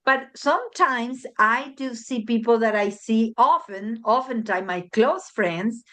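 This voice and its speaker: Woman, casual chat, animated, acts out quoted dialogue, somewhat high-pitched. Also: measured pace. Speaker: guest, family member.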